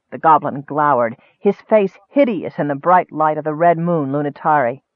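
High-voiced male audiobook narrator. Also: moderate pace, hardly any pauses, no echo. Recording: dry, tinny, narrow-band.

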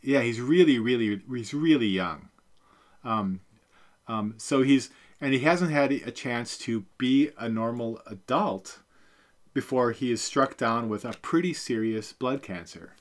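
A man's voice: medium pitch, unhurried. A middle-aged man co-hosting a podcast, chatting casually about a book, rambling with many fillers and self-corrections. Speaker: podcast co-host. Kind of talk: casual book-review chat.

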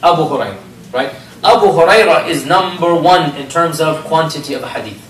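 Man, lecturer, fairly high voice, animated storytelling, roomy distant sound. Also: moderate pace, slight background noise. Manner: animated storytelling with rhetorical questions. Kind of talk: religious history lecture.

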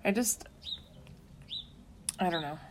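Tired young woman, lowish voice. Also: slow, background noise. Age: young adult. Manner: frank, tired, with frequent 'like'. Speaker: podcast co-host. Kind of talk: casual chat.

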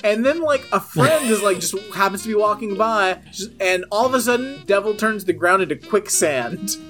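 A man's voice: high-pitched, expressive, moderate pace, fairly bright tone, faint music behind. A man co-hosting a podcast, casually retelling a TV episode with many fillers and acted-out lines. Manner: rambling, filler-heavy, acts out characters' lines. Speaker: podcast co-host. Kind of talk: casual chat recapping a TV episode.

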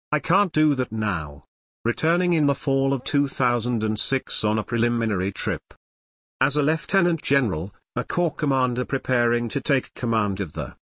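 A man reading nonfiction narration in a measured, serious way. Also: mid-range voice, no echo, studio quality. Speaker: audiobook narrator.

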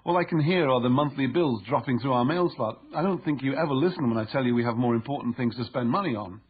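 A man's voice: mid-range voice, quick pace, slightly rough, phone-quality sound, close to an everyday voice. Man putting on Lizzie, an icy wife. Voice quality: cold, clipped. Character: sharp irritated wife.

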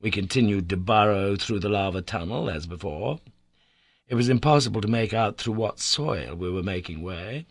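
A man reading a classic adventure novel aloud as an audiobook narrator, measured and storytelling, lifting his voice for emphasis. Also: no echo, studio quality. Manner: measured storytelling, lifts pitch and volume for emphasis.

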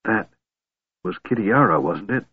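A man's voice: mid-range voice, very animated, moderate pace, gravelly, husky, no echo, voice pushed up, full character voice. A man voicing a small, anxious male kender who whispers and stammers hesitantly. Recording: tinny phone-like band, dry.

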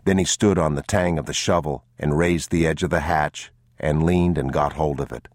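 A man narrating an audiobook in a grave, measured, somber manner. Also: extremely low pitch, fairly even intonation, darkish tone, no echo, clean studio sound. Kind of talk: scripted narration.

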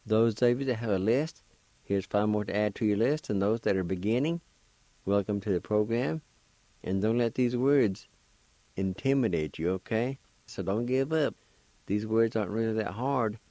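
A man's voice: lowish voice, moderate pace, mellow, dry recording. A man hosting a radio language lesson, spelling words letter by letter and patiently sounding out each syllable. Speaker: language teacher and radio host. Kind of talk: slow spelled-out pronunciation lesson.

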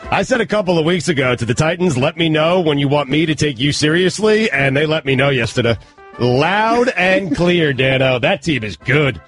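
A man's voice: on the high side, lively intonation, fast, few pauses, faint music behind. A man co-hosting a sports radio show, talking in a cocky, defensive way from a studio. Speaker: radio co-host. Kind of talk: casual sports talk.

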